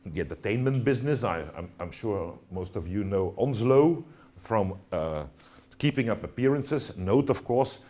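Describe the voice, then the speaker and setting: A man's voice: on the low side, a little mellow. A man lecturing to students, talking with many fillers and restarts and checking in with "all right?". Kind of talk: university lecture.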